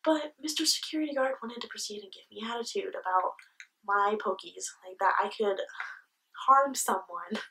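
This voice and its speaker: A young woman vlogging at a medium pitch, telling her story casually and candidly. She swears freely and acts out each side of the exchange. Her voice sits some distance from the microphone. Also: moderate pace, pushed and bright. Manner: candid, swears freely, retells the scene with quoted dialogue.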